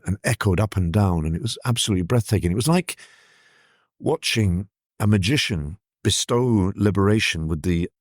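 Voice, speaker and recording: A man's voice: low-pitched, no room sound, studio quality. A man in his sixties, a journalist guest, thoughtfully recounting what he witnessed, with frequent restarts. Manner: thoughtful, vivid recollection with hesitant restarts. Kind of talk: reflective storytelling in an interview.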